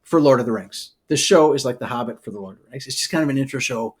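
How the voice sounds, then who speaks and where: A man co-hosting a podcast, telling history as a loose, animated story, full of "okay" and "all right" asides. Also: mid-range voice, fast talker, husky. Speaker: podcast co-host. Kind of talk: casual storytelling chat.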